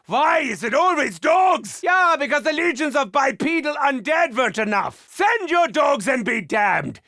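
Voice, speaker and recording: A manic German mad scientist. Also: male voice, very animated, measured pace, no echo, clean studio sound, heavily acted. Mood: frantic. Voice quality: gravelly, wildly swooping pitch. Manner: shouted battle taunts and erratic muttering. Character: unhinged male German scientist, manic and theatrical. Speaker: game character voice lines.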